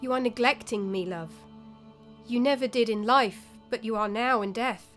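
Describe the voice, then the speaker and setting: A woman's voice: on the high side, normal speed, fairly bright tone, faint music behind, close to an everyday voice. A woman voicing the ghost of a young male warrior who pleads in a dry, wry tone. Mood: pleading.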